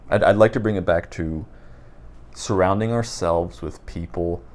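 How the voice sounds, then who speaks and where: Low-voiced rambling man, off the cuff. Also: a little mellow. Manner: rambling, halting, many restarts. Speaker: book vlogger. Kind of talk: unscripted casual talk to camera. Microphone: raw unedited recording.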